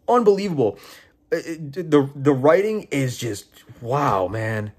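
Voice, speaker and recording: Husky-voiced man ranting about a game. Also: mid-range voice, expressive, a little slow. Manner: exasperated, profane, incredulous. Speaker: game reviewer. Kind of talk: casual commentary.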